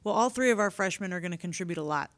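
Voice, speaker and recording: A woman head coach answering reporters at a media day podium, candid and relaxed, with plenty of fillers. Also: fairly low pitch, very fast, no echo. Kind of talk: press conference answers.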